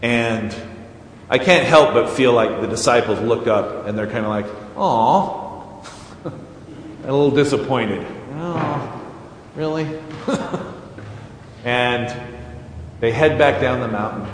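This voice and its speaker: A man preaching a sermon as pastor, slow and halting with many fillers and wry asides. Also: medium pitch, slight background noise. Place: church sanctuary. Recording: echoey church hall with faint ambience.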